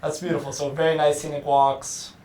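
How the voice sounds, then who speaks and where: A woman's voice: sits low, little pitch movement, brisk, warm tone. A woman hosting a podcast interview, asking curious questions and often murmuring short affirmations. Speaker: podcast host. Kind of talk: casual interview chat.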